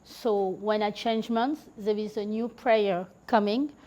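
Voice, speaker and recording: A woman's voice: medium pitch, fairly even intonation, slow, mellow. A woman guest on a podcast, chatting casually and telling stories, with lots of "like" and "you know" and the odd laugh. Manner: chatty, heavy use of filler "like" and "you know". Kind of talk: casual conversational storytelling.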